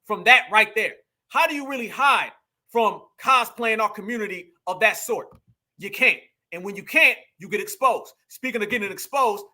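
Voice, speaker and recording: A man's voice: extremely high pitch, sharp tone. A man giving emphatic casual commentary, asking rhetorical questions and talking straight to his viewers. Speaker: online commentator.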